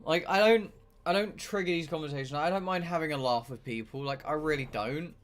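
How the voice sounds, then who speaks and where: While gaming on stream, a young man rants and chats casually, exasperated and swearing a lot. His voice sits on the high side and moves a little fast.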